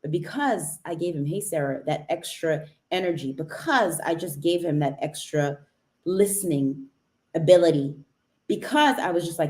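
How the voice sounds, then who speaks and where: A woman's voice: low-pitched, lively intonation, normal speed, darkish tone. A woman from Cambridge, England chatting on a motivational live stream and greeting viewers by name as she talks.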